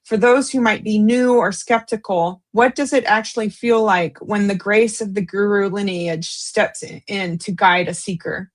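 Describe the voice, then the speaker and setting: A woman co-hosting a spiritual talk, upbeat and quick to laugh as she puts questions to the host. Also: mid-range voice, steady tone. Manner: upbeat, laughs easily, short agreeing replies. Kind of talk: casual interview chat.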